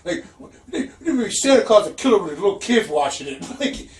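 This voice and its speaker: A man's voice: high-pitched, fairly quick. Laughing storyteller man, echoey room. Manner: profane animated storytelling, laughs often. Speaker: podcast co-host. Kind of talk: casual chat. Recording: echoey room from a distance, faint noise.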